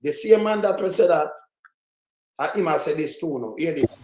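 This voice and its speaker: A man's voice: on the high side, animated, normal speed, darkish tone, roomy sound. A man with a Jamaican Patois accent, reacting to political clips with a heated, profane, scolding rant. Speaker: political commentator. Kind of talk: reaction commentary on played clips.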